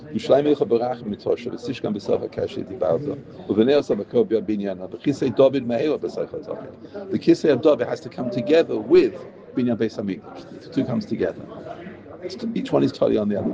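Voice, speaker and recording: A man's voice: mid-range voice, gravelly, muffled recording. A man teaching a Torah class, translating prayer verses line by line with emphasis.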